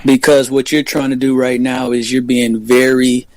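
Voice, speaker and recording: A man's voice: medium pitch, flat delivery, normal speed, darkish tone, no echo. A man co-hosting a talk show, arguing combatively in a heated debate and demanding to finish his point. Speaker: co-host.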